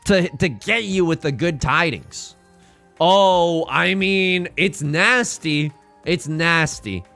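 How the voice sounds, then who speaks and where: A man livestreaming a tile game, joking and reacting dramatically as he plays. His voice is slightly high and very bright, with lots of swing in the pitch. Faint game music plays underneath. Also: slow, gravelly. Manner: animated, jokey, dramatic exclamations. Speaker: streamer. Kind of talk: live game stream commentary.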